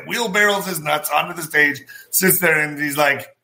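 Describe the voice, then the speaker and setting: Brash, bright-voiced male vlog host. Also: on the high side, unhurried, gravelly. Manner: animated, profane, gestures with hands while talking; former boxer. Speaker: show host. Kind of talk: political commentary vlog.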